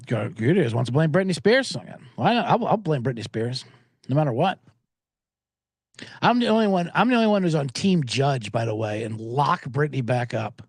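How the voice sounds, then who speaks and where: A man's voice: medium pitch, lively intonation, moderate pace, breathy edge, dry recording. A man hosting a sports betting podcast, riffing sarcastically and profanely while reading viewer comments aloud.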